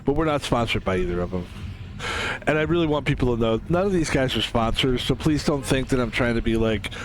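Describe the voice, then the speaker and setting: A man's voice: medium pitch, expressive, a little fast, slight background noise. A man streaming a game who talks casually to his audience. He rambles, swears often and drifts into jokey asides. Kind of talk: casual solo stream monologue.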